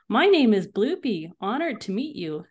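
A woman's voice: mid-range voice, very animated, moderate pace, a little mellow, husky, pitched above the performer's own voice. A woman voicing a curious little blue male alien who speaks in a polite, formal way. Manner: polite, formal, wondering questions.

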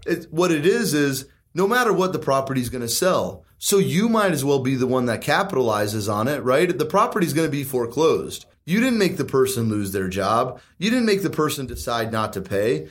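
Talking real estate investment in a relaxed conversation, a thirty-something man argues his point with confidence and emphasis, leaning on rhetorical questions. His voice is somewhat high and sing-song, moving at a moderate pace with few pauses.

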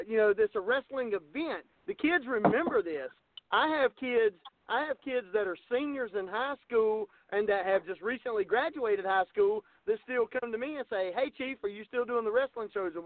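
A middle-aged man with a Southern Georgia accent, calling in as a wrestling promoter and talking in a folksy way with many pauses. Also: high-pitched, no room sound. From American South. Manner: folksy, many "uh" fillers, says "y'all" and "yes, sir". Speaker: wrestling promoter, phone-in guest. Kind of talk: casual phone interview. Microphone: phone call. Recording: tinny phone line.

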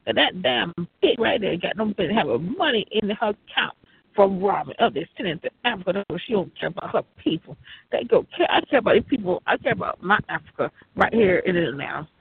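A man with a raspy, gravelly voice, rambling and swearing in a loose monologue. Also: high-pitched, animated, a little fast, dry recording. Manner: profane, rambling, laughs often. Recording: tinny phone-like line, dry.

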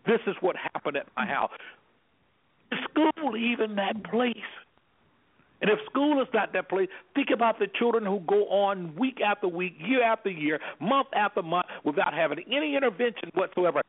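Over a phone line, a male anger management specialist appears as a guest on a call-in radio show, talking with impassioned, preacherly emphasis. His voice sits high and is slightly rough, expressive and at normal speed. He acts out the voices of people he quotes.

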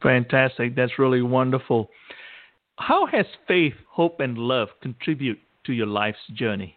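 A man hosts a talk radio show, polite and formal as he asks questions and signs off. His voice is at a middling pitch. It sounds thin and phone-like, with no room sound at all. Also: very animated, unhurried, no room sound. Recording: dry, tinny phone-like sound.

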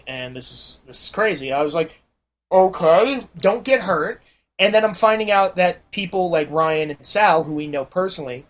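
A man, a podcast guest, telling a profane story in casual talk and acting out the voices of the people in it. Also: a little high. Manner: animated, acts out quoted voices.

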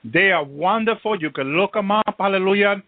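High-voiced preacher on a tinny line. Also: male voice, fairly quick, dry recording. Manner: constant hallelujahs and praise interjections, repetitive. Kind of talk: preaching sermon. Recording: tinny phone-like line, dry.

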